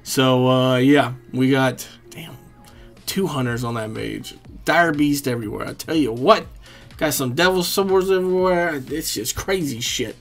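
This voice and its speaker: A man with a drawl talks through his match in a loose, easygoing ramble, with salty language and quick chuckles. His pitch sits right in the middle for a man. Game music plays faintly behind him. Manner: relaxed and rambling, swears freely, chuckles often. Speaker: gaming commentator. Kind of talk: casual gameplay commentary.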